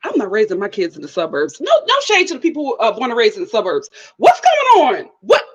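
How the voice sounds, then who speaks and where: A woman hosting her own live-stream reaction show, talking in a blunt, animated, exclaiming way and reading out viewer comments. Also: fairly high pitch, brisk, slightly rough, rough recording. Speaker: YouTube host.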